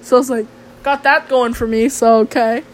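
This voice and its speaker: A woman's voice: fairly high pitch, fairly even intonation, moderate pace. A woman telling stories in a casual vlog monologue. She talks in a rambling, slangy way, swears a lot and turns sarcastic. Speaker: vlogger.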